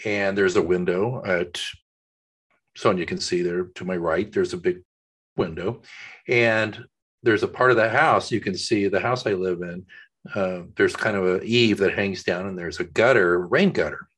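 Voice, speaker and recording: A man co-hosting a podcast from his home office, chatting casually and telling animated anecdotes. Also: low voice, normal speed, breathy edge. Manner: animated storyteller, acts out voices in his anecdotes. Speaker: podcast co-host. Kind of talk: casual chat.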